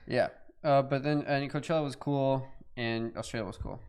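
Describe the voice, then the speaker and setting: A man in a casual group chat, excitable and swearing often. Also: mid-range voice, normal speed, clear, resonant tone.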